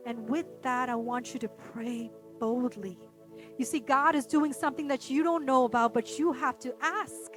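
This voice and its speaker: A woman pastor preaching a sermon, emphatic, swinging from bold declarations down to a quiet hush. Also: high-pitched.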